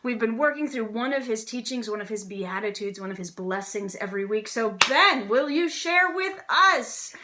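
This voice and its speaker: A woman's voice: a little high, expressive, moderate pace, few pauses, very noisy. A woman teaching a casual Sunday school lesson, chatty and playful and often laughing. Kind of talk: casual children's church lesson.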